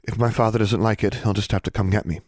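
A man's voice: fairly low pitch, fairly even intonation, fast talker, darkish tone, no echo, studio quality, voice pushed up, natural voice. A man voicing a timid, tearful young teenage schoolgirl with a small, shaky, pleading voice in a storybook reading.

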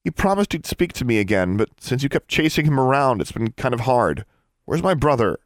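A man's voice: on the low side, expressive, fairly quick, a little mellow, no echo, pitched above the performer's own voice. A man voicing a defiant, grieving teenage witch girl in an audiobook, strained and snapping, close to tears. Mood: angry, shouting. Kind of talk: audiobook narration.

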